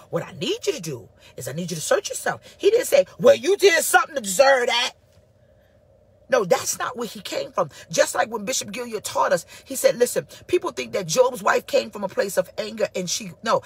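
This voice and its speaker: A woman's voice: mid-range voice, lively intonation, fairly quick, breathy edge. A woman pastor preaching a livestreamed sermon, fervent and emphatic, acting out the voices of people in her stories.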